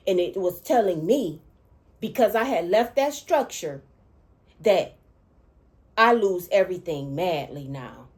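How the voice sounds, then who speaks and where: A woman vlogging as a dream interpreter, telling a personal spiritual testimony in an excitable way, stretching out words for emphasis and swinging between hushed and loud. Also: lowish voice. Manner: excitable, repetitive, breaks off and restarts, keeps saying 'all right' and 'okay'. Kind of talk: emotional personal testimony to camera.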